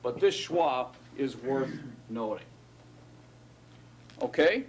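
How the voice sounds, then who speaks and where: A man's voice: medium pitch, animated, slow pace, a little hiss or hum. A man teaching Hebrew grammar in a classroom lecture, conversational and often checking in with his students. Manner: conversational, checks in with frequent "right?" and "okay?".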